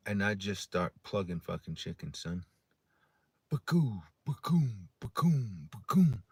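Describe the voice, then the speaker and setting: A man's voice: deep voice, no echo. A man on a livestream delivering a blunt, profane ranting monologue and telling stories. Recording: loud background noise.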